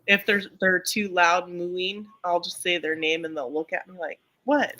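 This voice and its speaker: Bright-voiced chatty woman talking about her farm animals. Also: lowish voice, flat delivery, moderate pace. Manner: chatty, rambling with many ums and restarts. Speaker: co-host of a live chat stream. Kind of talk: casual chat.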